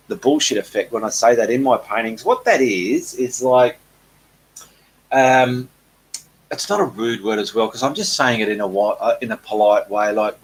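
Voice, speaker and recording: A man hosting a relaxed live painting Q&A, reading viewer comments aloud in a chatty way with frequent ums. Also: mid-range voice, a little hiss or hum, poor audio. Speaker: painting channel host.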